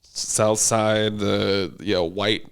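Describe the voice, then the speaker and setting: A man's voice: on the low side, very slow, gravelly, smooth. A man telling stories in casual conversation as a podcast guest, laughing often and acting out quotes. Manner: lively storyteller, laughs often, acts out quotes. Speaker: stand-up comic and podcast guest.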